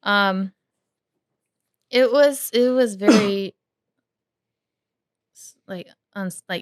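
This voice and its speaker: A woman co-hosting a podcast, speaking in a hesitant, halting and soft-spoken way. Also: medium pitch, no echo, clean studio sound. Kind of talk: casual conversation.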